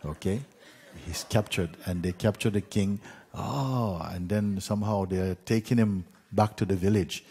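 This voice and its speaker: A man gently telling a parable as a spiritual teacher, unhurried, with pauses and soft fillers. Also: deep voice, fairly even intonation. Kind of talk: gentle spoken storytelling.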